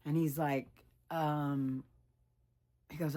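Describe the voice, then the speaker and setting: A woman in her sixties with a deep, darkish voice speaks slowly in a personal weight-loss vlog. She talks candidly, reflecting and rambling, and sometimes drops to a whisper.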